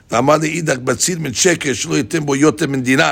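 A man teaching a Talmud study class, explaining the text in an animated way and acting out both sides of the argument in quotes. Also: medium pitch, fast talker, gravelly, few pauses, breathy edge.

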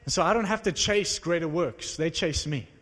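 Animated male preacher in a reverberant hall. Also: fairly high pitch, moderate pace. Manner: animated, conversational, self-mocking. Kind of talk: sermon storytelling. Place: large hall with live audience. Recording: long reverb of a large hall.

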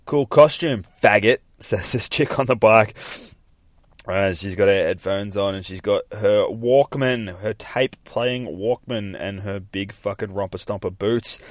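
A young man talks through a comic book issue on his podcast, rambling, swearing freely and laughing as he reads out the characters' lines. His voice sits low, and the sound is dry with no room around it. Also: no echo. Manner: profane, rambling, laughs often, reads dialogue aloud. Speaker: podcast host. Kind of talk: casual comic book recap.

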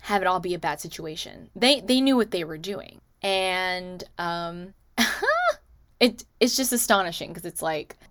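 Her lowish, fairly bright voice swings widely in pitch, with slight background noise. Recapping a movie for her recommendation vlog, she chats casually with lots of "like" and "you know" asides and performs characters' lines in quick quotes.

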